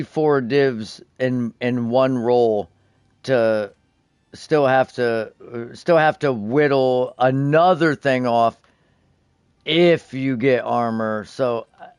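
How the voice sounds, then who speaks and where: A man's voice: mid-range voice, slow, smooth, no room sound. Brief: young male streamer, casual crafting chatter, swears a lot, keeps restarting his sentences. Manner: profane, excitable, many restarts. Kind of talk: casual game stream chat.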